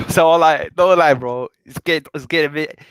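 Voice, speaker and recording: A man's voice: on the high side, brisk, a bit bright, clear, resonant tone, no echo. A young man, arguing in a casual, slangy, joking way. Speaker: panel speaker. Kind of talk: casual debate.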